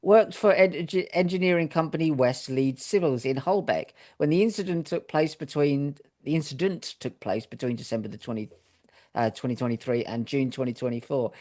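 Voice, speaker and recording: A man's voice: on the high side, moderate pace, darkish tone. British man reading news with jokes. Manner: reads stories out with jokey asides. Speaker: podcast co-host. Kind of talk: casual chat, reading news aloud.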